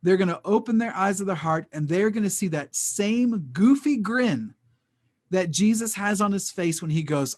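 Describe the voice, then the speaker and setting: A man's voice: high-pitched, expressive, normal speed, a little mellow. A man telling an earnest, emotional faith testimony as a podcast guest, often repeating his words. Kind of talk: personal faith testimony in conversation.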